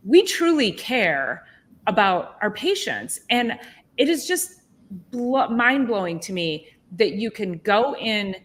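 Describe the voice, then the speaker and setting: Woman chiropractor host, casual podcast chat, lively storyteller, mid-range voice. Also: medium pitch, slow. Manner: animated, indignant storytelling with many restarts.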